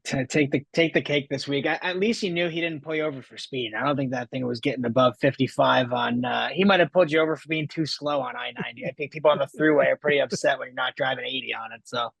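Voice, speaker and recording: Gravelly, husky guy, fast talker, cracking jokes on a podcast. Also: medium pitch, a bit bright, no echo, rough recording. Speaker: podcast co-host. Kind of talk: casual chat.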